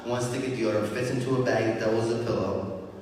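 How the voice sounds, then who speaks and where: A man's voice: medium pitch, steady tone, fast talker, darkish tone. A man giving a keynote speech, telling his recovery story in a dramatic, emphatic way with repeated phrases and built-up lists. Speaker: keynote speaker. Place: large event hall. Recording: echoey hall, speaker far from the mic.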